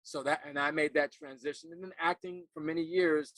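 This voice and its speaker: A middle-aged man's voice, bright and forceful, recorded dry and close. He is an actor turned life coach, telling a personal story earnestly. He stops and repeats words as he remembers. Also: fairly high pitch, steady tone, no room sound. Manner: earnest, halting, repeats words while recalling.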